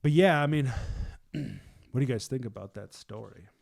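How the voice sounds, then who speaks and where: A man's voice: mid-range voice, moderate pace, gravelly, a little mellow. A man leading a casual group discussion, retelling a story in a chatty way with slang and laughter.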